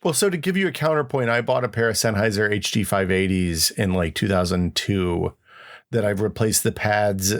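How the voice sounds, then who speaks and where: A man's voice: on the low side, moderate pace. A man co-hosting a podcast in casual chat, explaining his points with examples and frequent restarts. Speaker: podcast co-host.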